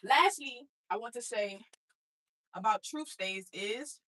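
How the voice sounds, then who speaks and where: Candid motivational speaker, female, a mother; husky edge, somewhat high voice, streetwise and direct. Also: lively intonation, slow, sharp tone. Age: adult mother. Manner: blunt, streetwise, addresses listeners as y'all. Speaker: speaker sharing her life story. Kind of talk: motivational personal talk.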